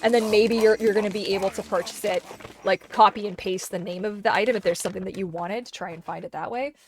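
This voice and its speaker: A woman's voice: medium pitch, fairly even intonation, fast, a little hiss or hum. A woman live streaming from her desk, chatting casually and rambling with many restarts, her voice slightly worn. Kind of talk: casual livestream chat. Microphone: desk microphone.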